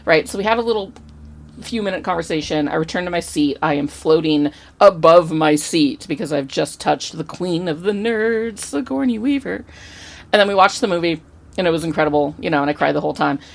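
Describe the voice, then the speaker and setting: A woman co-hosting a relaxed podcast tells an anecdote with lots of energy, animated, chatty and swearing casually. Her voice sits on the low side with a gravelly, fry-edged texture, and she talks briskly.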